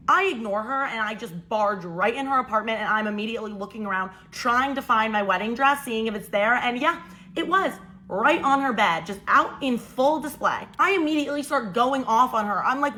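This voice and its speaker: A young woman telling a storytime vlog story in an animated, exasperated and incredulous way. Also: on the high side, brisk.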